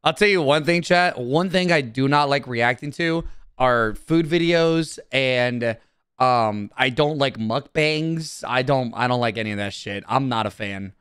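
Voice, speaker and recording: Male streamer, casual and profane, answers chat and flares up fast; smooth, crisp voice, dry close sound. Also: medium pitch, a bit bright, no room sound. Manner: profane, reads chat aloud, easily riled up.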